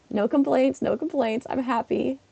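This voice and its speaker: A woman's voice: medium pitch, gravelly, warm tone, dry recording. A woman, a schoolteacher, chatting casually on a live stream while playing, laughing often and talking back to her chat. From Canada.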